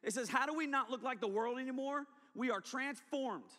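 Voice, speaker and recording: High bright preacher in a hall. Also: male voice, moderate pace. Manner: animated storytelling, acting out past self. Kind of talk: testimony sermon. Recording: long hall reverb.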